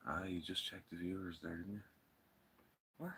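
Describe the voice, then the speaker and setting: An Irish man with a deep, low voice rambles with self-mocking humour while he works in his garden, chatting to viewers and his plants. The live outdoor recording carries clear background noise. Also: fairly even intonation, normal speed, fairly bright tone. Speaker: gardening channel host.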